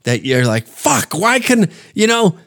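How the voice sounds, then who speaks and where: A man with a slightly high voice rattles off crude, mocking commentary as a podcast host, swearing freely and breaking into laughs. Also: big pitch swings, unhurried, gravelly, fairly bright tone. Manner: profane, mocking, laughs often.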